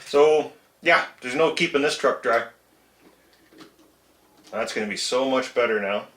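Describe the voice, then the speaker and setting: A man's voice: medium pitch, unhurried, a bit bright, roomy sound. A man hosting a casual hobby repair vlog, chatty and self-mocking, chuckling at his own mistakes while he works. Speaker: RC truck hobbyist channel host. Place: home shed workshop.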